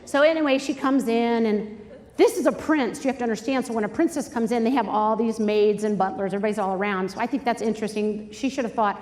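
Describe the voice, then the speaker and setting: A middle-aged woman teaches a lively Bible study at a quick pace to an audience in a large hall, turning dramatic and slipping into shrieking, high-pitched quoted voices. Long reverb fills the live hall recording.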